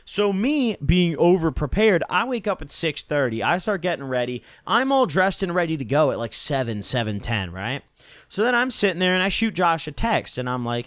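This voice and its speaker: A man's voice: fairly high pitch, sing-song, moderate pace, fairly bright tone, no room sound. A young man casually telling a rambling, profane story from his own life and tagging his sentences with "right?". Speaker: storytime vlogger.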